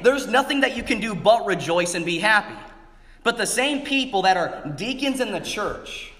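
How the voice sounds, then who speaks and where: A man's voice: high-pitched, a bit bright. A man preaching a sermon as pastor, emphatic and repeating phrases for emphasis. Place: church sanctuary. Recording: echoey church hall.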